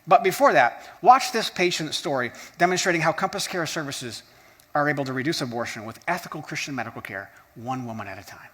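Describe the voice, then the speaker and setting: A man delivers a rousing fundraising speech with a slightly raised pitch. He drives each point home with a repeated phrase, and his voice carries a long hall reverb. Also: lively intonation, fairly quick, a bit bright, slightly rough. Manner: emphatic, repetitive build-up. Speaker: ministry speaker.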